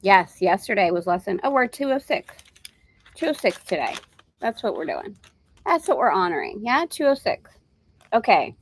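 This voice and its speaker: A woman's voice: mid-range voice, big pitch swings, normal speed, long pauses, husky, rough recording. A woman leading a live online spiritual lesson, chatting casually with viewers between readings. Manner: warm chatty asides, breaks into laughter. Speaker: spiritual course teacher. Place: travelling in Greece, indoors.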